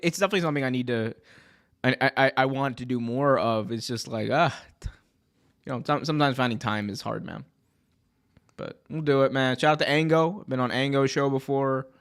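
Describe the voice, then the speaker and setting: A man hosting a wrestling podcast, talking loosely to his viewers. He jumps into excited reactions, laughs and drops slang throughout. His voice sits at an ordinary mid-range pitch. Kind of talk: casual livestream commentary.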